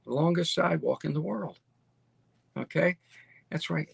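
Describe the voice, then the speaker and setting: A faint hiss or hum sits under this middle-aged host's fairly high voice, which has vocal fry and moves at a moderate pace. Enthusiastic and relaxed, he walks viewers through a listing on screen, repeating himself and tacking "okay?" onto his lines.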